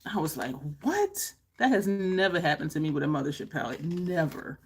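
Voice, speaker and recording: A woman beauty vlogger chatting to camera, animated and laughing often, with high exclaimed reactions. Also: brisk, slightly rough. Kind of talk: casual chat to camera.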